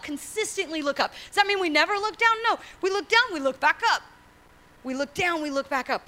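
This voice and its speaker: A woman pastor preaching a sermon in an animated way, acting out quotes and asking the congregation questions. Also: medium pitch, a little hiss or hum, rough recording.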